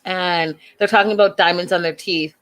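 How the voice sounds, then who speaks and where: A woman's voice: lowish voice, fairly even intonation, moderate pace, fairly bright tone. A woman hosting a casual show recap, chatty and opinionated, who acts out the people she quotes in a raised voice. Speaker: host recapping a reality show.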